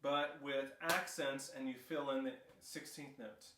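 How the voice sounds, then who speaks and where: A man's voice: medium pitch, fairly even intonation, unhurried, hardly any pauses, heavy background noise. Guy teaching drumline, calls out counts, kinda far off mic, lots of clatter. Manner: counts rhythms aloud loudly between explanations. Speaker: drumline instructor. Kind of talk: instructional demonstration. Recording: roomy echo, distant mic, loud clatter.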